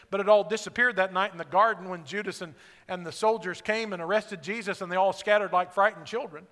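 A man preaching a sermon from the pulpit, moving between hushed and near-shouting passages. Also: high-pitched. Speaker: pastor. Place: church sanctuary. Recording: long reverb of a church hall.

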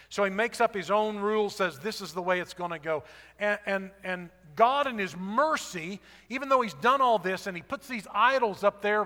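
A male preacher telling a Bible story in a conversational, animated way, full of rhetorical asides. His voice is high and bright. The sound rings with a long reverb, as in a large hall. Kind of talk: sermon.

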